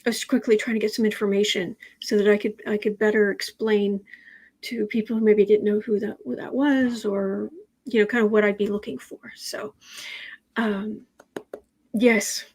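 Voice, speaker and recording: Her voice is medium-pitched, husky and darkish, delivered flatly at a normal speed. She's a tarot reader hosting a daily livestream, chatting easily with her audience and turning aside now and then to address her cat.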